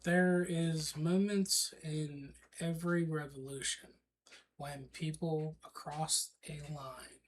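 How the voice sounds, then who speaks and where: A man co-hosting a casual history podcast, reading his script in a slow, halting way. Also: fairly high pitch, fairly even intonation, noisy background. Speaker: co-host.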